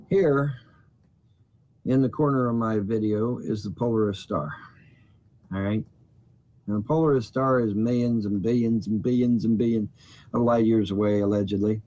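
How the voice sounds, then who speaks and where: A man's voice: medium pitch, a little mellow. A man in a rambling, indignant monologue to camera, swearing freely and often repeating himself and starting over. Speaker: YouTuber. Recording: dull lo-fi recording.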